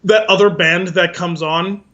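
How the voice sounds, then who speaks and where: Bright-voiced animated podcast guy. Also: high-pitched, a little slow, dull audio. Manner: animated, acts out movie scenes. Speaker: podcast co-host. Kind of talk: casual chat.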